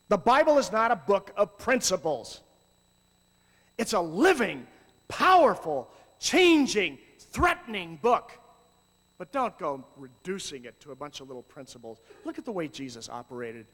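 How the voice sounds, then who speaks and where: A high-pitched man preaches to youth workers with animated swings between loud cries and quiet asides. His voice rings out on a stage microphone with a long hall reverb behind it. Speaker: youth ministry speaker. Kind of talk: sermon.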